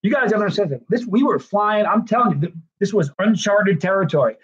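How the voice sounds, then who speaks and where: His high, slightly rough voice is a bit bright, lively in intonation and quick in pace. He's a tired livestream host in casual chat, rambling effusively while thanking viewers one after another, and the stream audio sounds dull and lo-fi.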